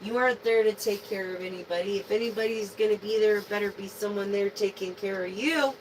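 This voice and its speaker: A woman's voice: mid-range voice, brisk, slight background noise, low-quality recording. A woman giving a casual live tarot reading, slangy and profane, speaking to her viewers as a collective. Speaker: tarot reader.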